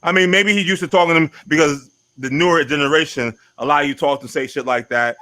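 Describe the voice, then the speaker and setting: A man's voice: on the high side, fairly even intonation, quick pace, bright, forceful tone, no room sound. A man hosting a podcast panel, talking loosely and profanely and repeating himself. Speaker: podcast host. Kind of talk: casual panel chat.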